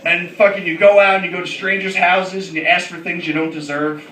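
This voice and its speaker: Brash, high-voiced stand-up comedian. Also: male voice, flat delivery, a little fast. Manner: brash, profane, laughs through his lines. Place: comedy club. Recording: echoey club, distant mic, loud crowd.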